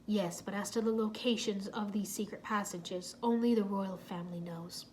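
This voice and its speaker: A guarded middle-aged palace guide speaks slowly and solemnly, voiced by a woman reading a storybook. His phrasing is measured and careful. He gives little away. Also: medium pitch, steady tone, a little mellow, slight background noise, close to an everyday voice.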